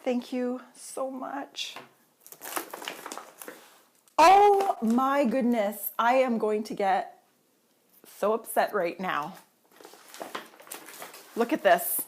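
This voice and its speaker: A woman from Canada vlogging casually at home, gushing and excitable as she talks to a camera on a tripod. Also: on the high side, slow pace, long pauses, slight background noise. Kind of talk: casual unboxing chat.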